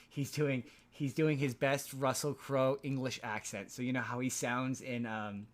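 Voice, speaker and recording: A man of medium pitch chats casually as a podcast host, recapping a story. He rambles, trips over his words and restarts sentences often. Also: little pitch movement, measured pace. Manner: rambling, frequent restarts and stammered repeats. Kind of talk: casual chat recapping a film.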